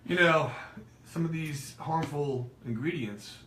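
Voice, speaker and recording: Male stylist, Greek accent, halting and hesitant delivery; roomy echo, faint hiss. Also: a little high, pushed and bright. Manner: hesitant, halting explanations with many fillers. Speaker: hair stylist. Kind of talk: casual chat. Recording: echoey room, faint noise.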